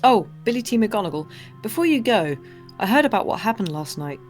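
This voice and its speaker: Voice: mid-range voice, sing-song, fairly quick, faint music behind, natural voice. A streamer voicing a chatty, sympathetic small-town woman from a game, with a put-on accent and a sing-song delivery.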